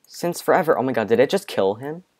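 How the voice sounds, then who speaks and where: Young man, let's-play commentary, excitable, panicky exclamations, middle-pitched voice, home bedroom. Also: fast. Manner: excitable, panicky outbursts, many repeated exclamations. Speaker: gaming video creator.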